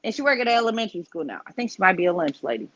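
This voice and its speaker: A woman's voice: medium pitch, sing-song, very fast, fairly bright tone, no room sound, highs cut off. A woman guest on a podcast telling a story casually, in a blunt, slangy, matter-of-fact way.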